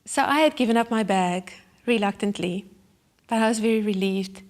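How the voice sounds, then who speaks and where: A woman's voice: medium pitch, moderate pace. Woman telling a story from the pulpit. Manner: vivid, emotional storytelling with sudden hushed asides. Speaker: Christian speaker. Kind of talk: storytelling sermon.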